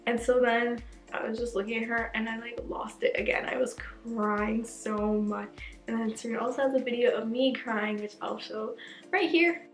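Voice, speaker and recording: Young woman gushing through a storytime vlog, lots of "like", bit of vocal fry, echoey room. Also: fairly high pitch, moderate pace, soft background music. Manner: gushing, excitable, fills speech with "like". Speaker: vlogger. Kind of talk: casual storytime chat.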